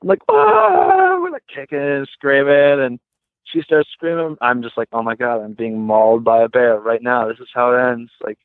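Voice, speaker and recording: A man talking as a guest, telling a story casually with many "like"s and lively retellings. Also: mid-range voice, fairly quick, dry recording. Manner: heavy use of "like", lively retelling. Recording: tinny phone line, dry.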